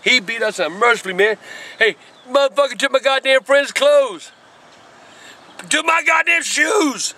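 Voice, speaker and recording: Older man, sharp, high voice; rambling, foul-mouthed storyteller, shouts often. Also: moderate pace. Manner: cursing, repetitive, bursts into shouting. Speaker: channel regular.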